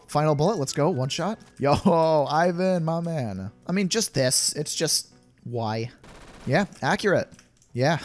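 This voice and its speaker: A young man giving playful gameplay commentary, laughing often as he reacts. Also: medium pitch. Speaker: gaming YouTuber. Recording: game music playing faintly behind.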